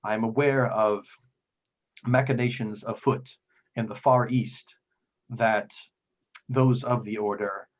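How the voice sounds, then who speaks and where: A man's voice: lowish voice, fairly even intonation, takes it slowly, long pauses. A man voicing a devout, humble priest who speaks formally and secretively, on a dull lo-fi recording. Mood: grave.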